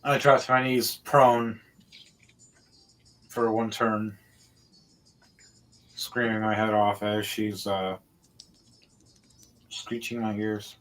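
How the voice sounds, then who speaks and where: A man narrating a tabletop game as game master, calling out dice rolls and combat turn by turn, with sudden loud outbursts. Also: on the low side, flat delivery, slow, long pauses, faint music behind, low-quality recording.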